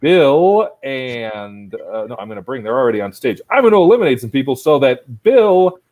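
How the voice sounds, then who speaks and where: A man emcees an improv contest from home, talking into a laptop mic on a video call. His speech meanders and pokes fun at himself. He hands out judgments with playful mock sternness, and his pitch sits in an ordinary middle range. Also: big pitch swings, moderate pace, narrow, tinny audio. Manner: rambling and self-mocking, with playful mock-strict judging. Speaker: improv show host and judge. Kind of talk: casual comedic emceeing.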